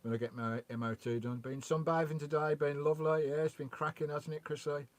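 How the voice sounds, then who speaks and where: A man hosting a relaxed vanlife livestream outdoors by a lakeside. He chats on, greets viewers by name and reads out their comments. He talks into a remote microphone, steady and conversational. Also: a little high, a little fast. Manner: chatty, greets and reads out viewers' chat messages. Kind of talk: casual live-stream chat. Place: outdoors by a loch beside his van.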